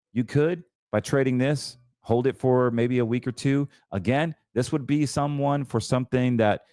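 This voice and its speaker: A male host of a financial talk show chats casually and excitably about trades, often stumbling and restarting his sentences. His voice is medium-pitched, recorded dry with clean studio sound.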